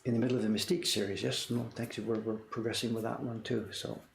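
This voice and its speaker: Gravelly older man in an echoey room. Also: fairly low pitch, fairly even intonation, fast. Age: 60s. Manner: rambling, answers viewer questions, apologetic. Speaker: print shop owner and livestream host. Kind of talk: casual livestream chat. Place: workshop. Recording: echoey room, faint noise.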